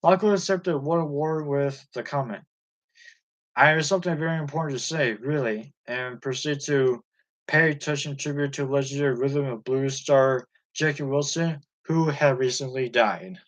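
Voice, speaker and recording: A man reading a music biography aloud chapter by chapter, in a steady and even manner. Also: mid-range voice, moderate pace, poor audio. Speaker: audiobook reader.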